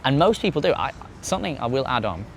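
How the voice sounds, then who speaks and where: A man's voice: mid-range voice, big pitch swings, quick pace, creaky, noisy background. A man talking as a podcast guest in casual conversation, rambling off on tangents and swearing freely.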